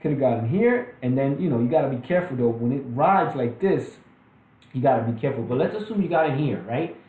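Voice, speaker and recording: A man's voice: mid-range voice, animated, quick pace, darkish tone, reverberant, low-quality recording. A man casually walking through stock charts in a trading lesson, loose and full of fillers and restarts. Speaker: trading educator. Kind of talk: screen-share stock chart walkthrough.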